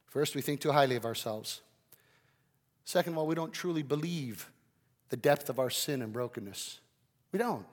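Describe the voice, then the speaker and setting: A man preaching a sermon with great energy, his volume swinging from loud to quiet. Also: mid-range voice, in a large hall. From Canada. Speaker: pastor.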